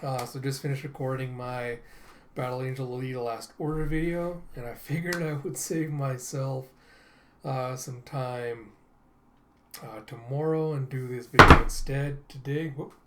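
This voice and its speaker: A young adult man hosting a casual manga reaction, retelling the panels in a relaxed, chatty way with fillers. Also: mid-range voice, unhurried, slight background noise. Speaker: reaction channel host. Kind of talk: casual manga reading and commentary.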